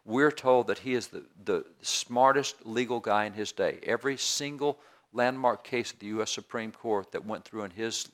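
A man's voice: fairly low pitch, normal speed, fairly bright tone. A man preaching a sermon in a folksy, down-home way, repeating phrases for emphasis. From rural area.

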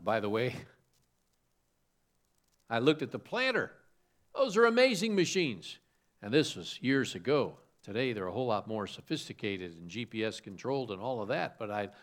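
Animated preacher with a lively voice. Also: male voice, mid-range voice. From suburban Chicago. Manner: animated preaching with rhetorical questions and homespun stories. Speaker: pastor. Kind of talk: sermon.

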